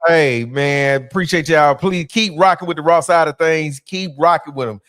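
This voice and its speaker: A man's voice: on the high side, moderate pace, few pauses, fairly bright tone, no room sound, clean studio sound. A man speaking as a comedian guest on a podcast, laid-back and joking, with lots of fillers and restarts. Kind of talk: casual podcast chat.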